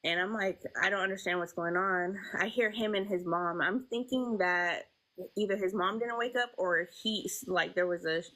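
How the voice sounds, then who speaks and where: A young woman telling a painful personal story as an interview guest, halting and emotional, with many fillers. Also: mid-range voice, pushed and bright, rough recording.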